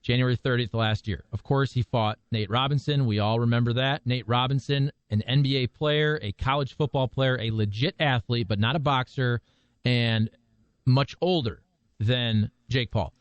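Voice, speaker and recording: A man hosting a sports radio show, talking in a measured, wry, conversational way. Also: mid-range voice, smooth, no room sound, lo-fi sound. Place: radio studio.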